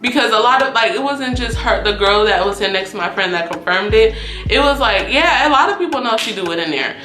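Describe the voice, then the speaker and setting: Animated young woman telling a story. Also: a little fast, roomy sound, soft background music. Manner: animated, profane, acts out quoted dialogue with big pitch jumps. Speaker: YouTube storyteller. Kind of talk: casual storytime vlog.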